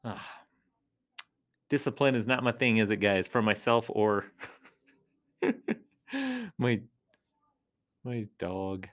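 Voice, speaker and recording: A man who works as a clown entertainer, chatting casually and playfully in a rambling vlog, often jumping into high silly tones. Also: very animated, takes it slowly, pauses often, a bit bright.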